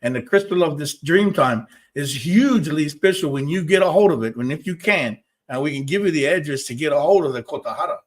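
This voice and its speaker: A man hosting a spiritual talk show, speaking emphatically and repetitively and arguing with his viewers. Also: fairly high pitch. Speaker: host.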